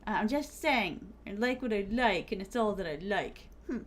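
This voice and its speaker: A medium-pitched woman with lively intonation speaks at a normal speed while streaming a game. She's a chatty, playful VTuber who calls her viewers "my starlings," giggles frequently, mixes in Japanese phrases, and uses plenty of fillers like "like" in this casual stream chat.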